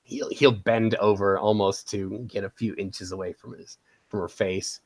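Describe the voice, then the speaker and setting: A man playing a tabletop role-playing game, describing his character's actions in a halting way with many fillers. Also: on the low side, level tone, dry recording. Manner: halting, full of fillers and laughter. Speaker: player. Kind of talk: tabletop role-play chat.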